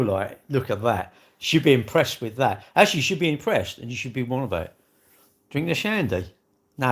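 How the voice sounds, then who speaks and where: Rambling, jokey man on a livestream. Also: mid-range voice. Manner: rambling, jokey and self-mocking, with asides to viewers. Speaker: livestream host. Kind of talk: casual live-stream chat.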